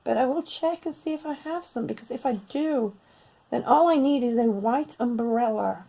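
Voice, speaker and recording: A woman's voice: fairly high pitch, normal speed, creaky, mellow. A woman in her fifties chatting through her day at home in a casual vlog, out of breath, laughing often and cooing at her cats. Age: 50s. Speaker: vlogger.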